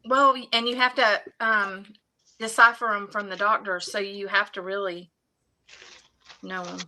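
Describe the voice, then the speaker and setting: A woman's voice: medium pitch, fairly even intonation, a little slow, bright, forceful tone, rough recording. A woman, co-hosting a casual chat and laughing often as she tells stories. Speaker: co-host.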